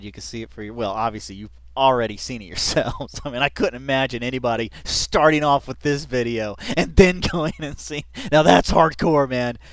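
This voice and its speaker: A man's voice: mid-range voice, clear, resonant tone, no room sound. A man giving casual reaction commentary, rambling with lots of fillers and bursts of laughter. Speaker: reaction video host.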